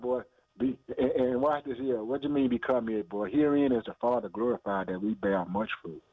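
A man's voice: medium pitch, dry recording. A man preaching a radio sermon, firing rhetorical questions and calling listeners "boy" and "man," with laughs and hallelujahs between lines. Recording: tinny phone-like radio sound.

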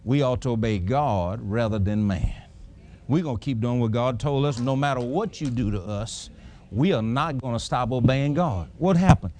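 A man's voice: medium pitch, moderate pace, a little mellow. A middle-aged man preaching a sermon, folksy and emphatic, chuckling as he tells personal stories.

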